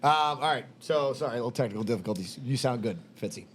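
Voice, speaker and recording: A man hosting a casual podcast, rambling and joking with quick asides. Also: mid-range voice, lively intonation. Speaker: podcast host. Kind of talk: casual chat.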